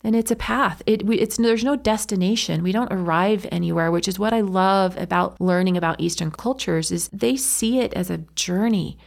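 A woman's voice: mid-range voice, normal speed, creaky, few pauses. A woman, an enneagram educator, speaking as a guest in a podcast interview, with a reflective teaching tone.

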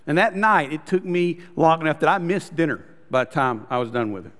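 A man preaches a sermon in a storytelling way, calling his listeners "guys" and dropping into soft, close tones. His voice sits fairly high for a man. A long hall reverb trails behind every phrase. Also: fairly quick. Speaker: pastor.

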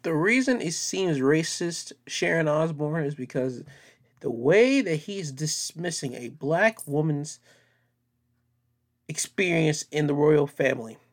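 A man's voice: fairly high pitch, lively intonation, slow. Emphatic man giving opinion commentary. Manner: emphatic, repetitive, plainspoken.

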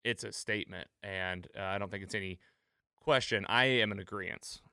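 A man's voice: fairly low pitch, moderate pace, gravelly, noisy background. A man hosting a podcast, talking casually and rambling a bit, with frequent fillers and restarts. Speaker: podcast host.

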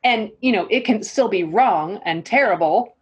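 A woman's voice: mid-range voice, expressive, normal speed, breathy edge, lo-fi sound. A woman host chatting in a thoughtful, conversational way. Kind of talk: casual chat.

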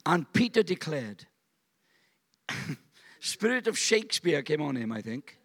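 A pastor delivers a church sermon at a slow pace, his voice swinging widely in pitch. He is dramatic, performing quotes with large pitch shifts and slipping in jokey asides.

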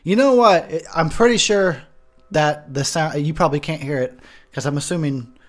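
A man's voice: a little high, normal speed. A man giving a rambling, profane movie commentary from his home mic, ranting as he drinks. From Texas. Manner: rambling, swearing, frustrated ranting. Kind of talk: drunk casual movie commentary. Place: home room near a window. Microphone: home recording mic.

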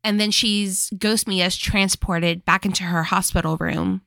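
A woman in her thirties co-hosting a casual comedy podcast, making deadpan jokes and acting out characters' lines. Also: mid-range voice, measured pace, creaky, no room sound, clean studio sound. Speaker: podcast co-host. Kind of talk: casual comedic movie recap chat.

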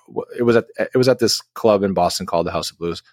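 A man's voice: low-pitched, quick pace, no echo, clean studio sound. A man who is a guest musician, telling a long story in a casual interview, rambling with many restarts and fillers.

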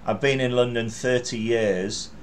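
A man's voice: medium pitch, fairly even intonation, measured pace, slight background noise. Middle-aged man, podcast host, easygoing interviewer, lots of ums, encouraging tone. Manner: chatty, warm encouragement with frequent fillers. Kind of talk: casual interview.

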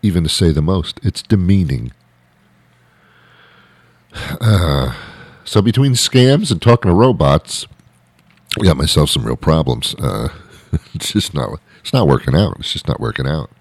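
A man's voice: extremely low pitch, sing-song, measured pace, long pauses, slightly rough, no echo. A man delivering an exasperated, comic rant with lots of repetition and restarts. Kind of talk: ranting monologue.

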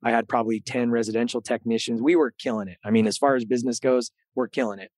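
A man's voice: mid-range voice, quick pace, no echo. Earnest man telling a story, dry mic. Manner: animated, earnest, repeats words as he talks. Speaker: podcast host being interviewed. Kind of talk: candid storytelling interview.

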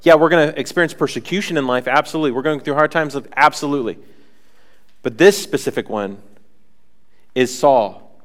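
A man preaching a sermon with a slightly higher voice than most men. He is animated and acts out the people in the scripture. He breaks off often for casual asides to the listeners. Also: fairly quick, long pauses. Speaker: pastor.

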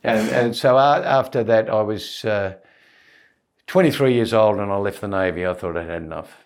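A man, a comedian guest telling self-deprecating anecdotes in a relaxed, rambling interview. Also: lowish voice, moderate pace. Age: 70s. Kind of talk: casual interview storytelling.

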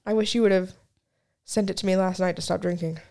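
A woman's voice: fairly low pitch, fairly even intonation, quick pace, creaky, dark tone. A young woman co-hosting a podcast in casual chat, with a dry, wry way of telling stories and laughing through them. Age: young adult. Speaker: podcast co-host.

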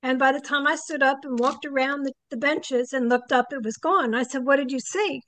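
Older woman telling stories, high voice. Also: normal speed. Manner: animated, acts out quoted people. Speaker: psychic guest. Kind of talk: casual storytelling in an interview.

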